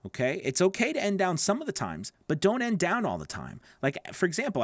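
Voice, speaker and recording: A voice acting coach talks straight to his students, his slightly nasal, gravelly voice rising and falling a lot as he rambles and restarts. He keeps checking in with them as he goes. The sound is close and dry, with no room in it. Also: high-pitched, wildly swooping pitch, fairly quick, dry recording. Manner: loose, rambling, with restarts and checks like "okay? right?". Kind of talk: casual teaching to camera.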